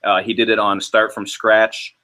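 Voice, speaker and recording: A man's voice: fairly low pitch, level tone, normal speed, bright, forceful tone. A man with a Canadian accent, a guest in a casual album review discussion, chatty and enthusiastic about artists he likes.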